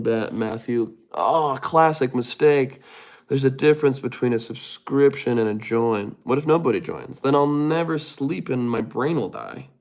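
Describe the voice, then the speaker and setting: A young man runs a relaxed late-night livestream and talks straight to his viewers. He reads their comments aloud and fires back playful, joking replies with quick asides. His voice sits at an ordinary, middle pitch. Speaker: livestream host.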